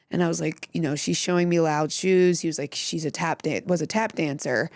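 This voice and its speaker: A woman's voice: sits low, brisk, a little mellow, dry recording. Giggly woman comedian telling stories. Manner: giggly, rambling storyteller. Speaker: podcast guest, comedian. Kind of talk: casual chat, storytelling.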